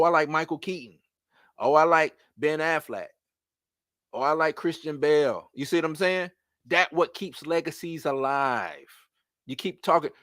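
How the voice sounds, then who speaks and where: A man hosting a live stream, ranting in loose, slangy casual talk that repeats itself and swings between loud and soft. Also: a little high, no room sound, clean studio sound.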